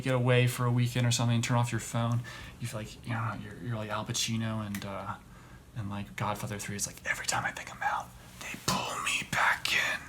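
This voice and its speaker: A man hosting a podcast who rants in a casual comedic way, rambling and halting with many restarts. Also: lowish voice, a little hiss or hum. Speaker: podcast host.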